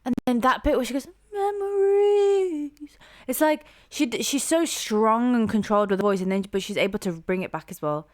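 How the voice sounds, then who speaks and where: A young woman talks casually into a close mic about a song she loves, gushing and rambling and often restarting her sentences. Her voice sits at an everyday pitch. The sound is dry, with no room echo. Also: quick pace, few pauses, soft background music. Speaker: music reaction host. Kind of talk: casual reaction commentary.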